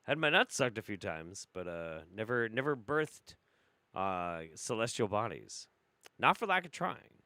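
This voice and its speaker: Animated, bright-voiced man reacting to clips. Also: fairly low pitch, a little slow, no echo. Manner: profane, laughing, incredulous. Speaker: host. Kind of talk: reaction commentary.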